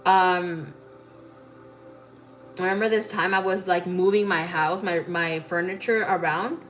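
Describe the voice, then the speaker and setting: A low-voiced woman reads tarot as a psychic and tells a personal story casually. She is blunt and swears freely, with many fillers and restarts. Faint music runs underneath. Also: steady tone, a little slow, fairly bright tone. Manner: blunt, profane, full of fillers.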